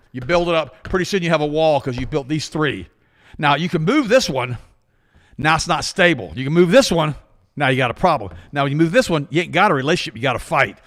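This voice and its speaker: An older man co-hosting a health talk show, telling stories in a casual, animated way and acting out the people he quotes. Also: a little high. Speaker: co-host. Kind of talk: casual storytelling chat.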